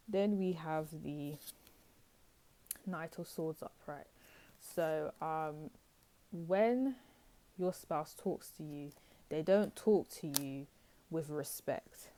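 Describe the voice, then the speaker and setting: A woman's voice: low-pitched, mellow. A young woman giving a casual, blunt tarot reading to her viewers, acting out people's reactions as she goes. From United Kingdom. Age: young adult. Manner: chatty, blunt, acts out quoted reactions. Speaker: tarot reader.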